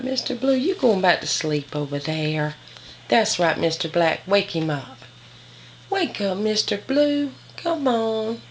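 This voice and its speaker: A woman's voice: medium pitch, gravelly, slight background noise. A woman filming her puppies at home on a handheld camera, cooing baby talk at them and explaining them as a breeder. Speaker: dog breeder. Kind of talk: home video narration.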